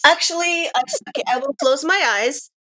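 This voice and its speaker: Excitable high-pitched woman podcaster. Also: a little fast. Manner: excitable, rambling onto tangents. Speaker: podcast co-host. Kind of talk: casual chat.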